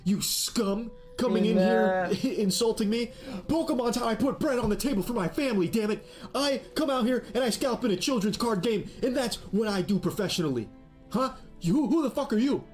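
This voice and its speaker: A man's voice: sits high, very animated, measured pace, hardly any pauses, a little mellow, faint music behind. A man putting on the voice of a ranting, self-pitying male card reseller, with mocking, exaggerated outrage. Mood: mock indignant.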